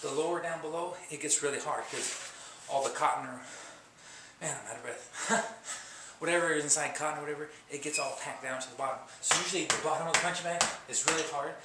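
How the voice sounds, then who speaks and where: A fairly high-voiced man rambles through punching-bag tips, stacking up fillers and "you know" while he demonstrates. The sound is roomy and echoey, with loud clattering in the background. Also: steady tone, fast, noisy background. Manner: talks while punching, bursts of effort. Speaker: amateur fitness instructor. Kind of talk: casual how-to video demonstration.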